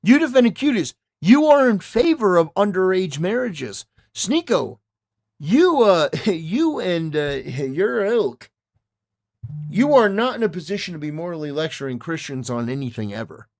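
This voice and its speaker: A man's voice: high-pitched, big pitch swings, a little slow, a little mellow. A man hosting a reaction commentary, talking back at a clip with mocking, indignant remarks. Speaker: commentary host.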